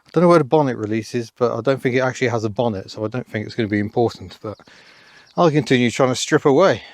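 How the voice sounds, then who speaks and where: A man's voice: mid-range voice, fast, a little mellow, no echo. A man, commenting casually with dry, self-deprecating asides while he picks through an old car in an overgrown rural yard. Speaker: car vlogger.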